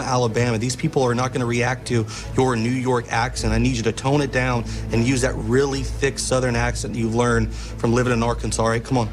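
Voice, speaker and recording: A man's voice: mid-range voice, natural voice. A man in a comedy skit playing a bossy, impatient handler who coaches a politician through an earpiece. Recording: music underneath.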